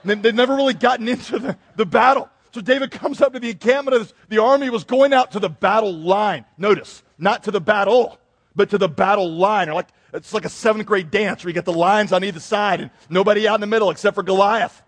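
A man's voice: sits high, fast talker. A man pastor giving a joking, conversational sermon to his church. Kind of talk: humorous sermon. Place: church sanctuary. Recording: long reverb in a large hall.

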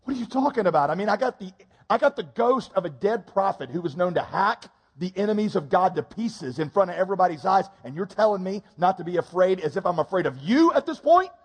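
A man's voice: high-pitched, big pitch swings, fast, breathy edge, long reverb tail, full character voice. A man voicing a flustered, defensive fake fortune-teller woman in a comic sermon retelling. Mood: exasperated.

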